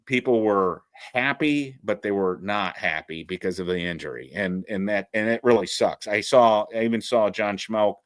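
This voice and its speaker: A man co-hosting a sports podcast, talking casually with halting restarts and laughing through his points. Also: on the low side, no echo. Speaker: podcast co-host.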